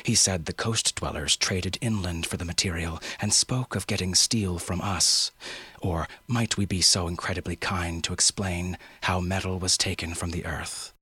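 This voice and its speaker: Low-pitched man, measured reading, dry close recording. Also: steady tone, pushed and bright, breathy edge, dry recording. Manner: measured storytelling. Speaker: narrator. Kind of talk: scripted narration.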